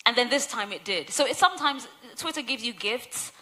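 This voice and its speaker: A woman's voice: a little high, expressive, brisk, sharp tone. A woman on a symposium panel, telling stories in a chatty way, correcting herself and laughing often. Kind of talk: conversational panel discussion.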